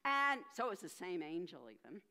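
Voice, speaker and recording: Animated woman minister telling a story. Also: lowish voice, brisk. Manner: expressive, animated storytelling with dramatic gasps. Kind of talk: storytelling for all ages in a church service. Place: church sanctuary. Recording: long reverb of a church sanctuary.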